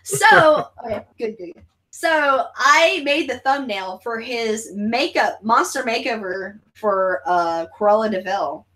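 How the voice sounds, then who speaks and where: A chatty woman hosts a casual movie watch-along, laughing often and swearing freely. Her voice sits a little high and bounces all over the place. She keeps things loose and crude. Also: expressive, takes it slowly, fairly bright tone. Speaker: channel host.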